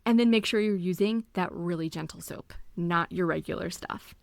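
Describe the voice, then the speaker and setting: A woman hosting a solo podcast, teaching listeners about bra care in a chatty, animated way with emphatic pleading. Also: fairly low pitch, moderate pace, vocal fry, no room sound. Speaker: podcast host and bra fitter.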